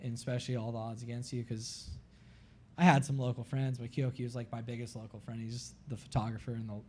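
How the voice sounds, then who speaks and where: A man from Florida, a guest on a live podcast, telling a long story in an animated way, peppered with "like" and acting out what people said. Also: mid-range voice, quick pace, slight background noise. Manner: animated, heavy use of "like", acts out his own quotes.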